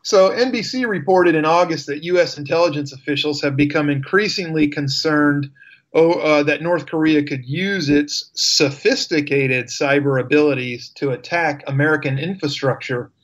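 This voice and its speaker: A man's voice: on the high side, moderate pace, dull audio. A man hosting a radio show, reading news with wry, sarcastic asides and fillers. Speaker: radio host. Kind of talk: casual news commentary.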